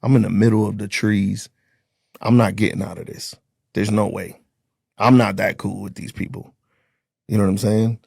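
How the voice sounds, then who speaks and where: Low gravelly guy, kinda husky, blunt and swearing, just talking through what happened. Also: level tone, normal speed, pauses often, darkish tone, no room sound, clean studio sound. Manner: blunt, profane, acts out dialogue. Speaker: interview guest, former corrections officer. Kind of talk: casual storytelling.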